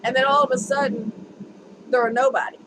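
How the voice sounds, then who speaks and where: Talking candidly into the camera, this woman vlogs about her experiences and laughs readily. Her voice sits high, and she speaks fairly quickly with fairly even intonation, captured by a camera mic in a home video full of noticeable background noise.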